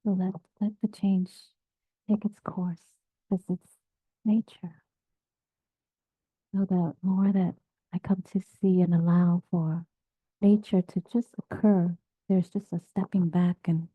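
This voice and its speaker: Woman meditation teacher, unhurried and soft-spoken, slightly husky, heard through a tinny phone-like line. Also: fairly low pitch, fairly even intonation, dry recording. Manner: gentle, halting, drops to near-whisper. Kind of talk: dharma talk. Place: meditation group session, also on video call.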